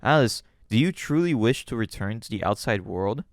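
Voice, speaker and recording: A man voicing a calm, scheming male serpent who guides a girl through a manor, with smooth, measured speech. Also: on the low side.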